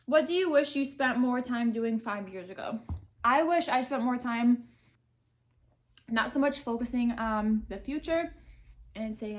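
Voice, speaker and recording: A young woman answering question cards while eating, talking candidly and thinking aloud. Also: fairly high pitch. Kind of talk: casual mukbang chat.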